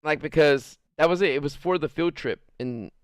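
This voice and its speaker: A man's voice: a little high, normal speed, clean tone, dry recording, studio quality. A man streaming live, telling rambling stories to his chat and acting out quotes in jumping voices, with a lot of swearing. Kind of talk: casual storytelling to live chat.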